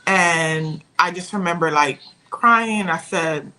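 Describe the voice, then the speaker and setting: Young woman guest, bright voice, halting storytelling, keeps restarting sentences. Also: on the low side, poor audio. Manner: halting, searching for words. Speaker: podcast guest. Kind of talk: emotional personal storytelling.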